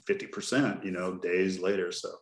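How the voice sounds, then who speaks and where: Chatty middle-aged host in a roomy space. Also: male voice, low-pitched, steady tone, moderate pace. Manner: chatty storyteller, jokey and loose. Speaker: podcast host. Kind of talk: casual chat. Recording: roomy echo.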